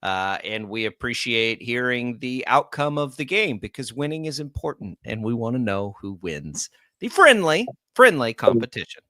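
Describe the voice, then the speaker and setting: A bright, forceful man hosts a sports radio show with an American accent. He chats energetically and reads promos in a breezy way. The mic sound is dry and close. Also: mid-range voice, moderate pace, dry recording. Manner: chatty, energetic, reads ad copy. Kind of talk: casual sports talk radio.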